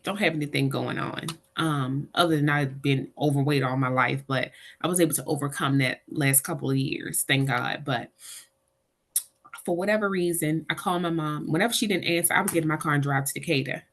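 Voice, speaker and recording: A middle-aged woman, guest on an interview, briskly relates a personal caregiving story in a low-pitched voice, with a little hiss or hum on the audio. She animatedly voices the people she describes.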